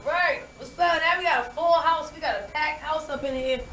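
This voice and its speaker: A woman hosting a radio show, loud, upbeat and joking as she welcomes guests. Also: high-pitched, normal speed. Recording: echoey noisy room.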